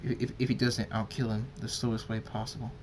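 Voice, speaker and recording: A man's voice: fairly low pitch, little pitch movement, fairly quick, background noise, natural voice. A man voicing a fierce, protective male pony father who talks in an intense, grim way. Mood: stern. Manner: intense and grim, bursts into screams.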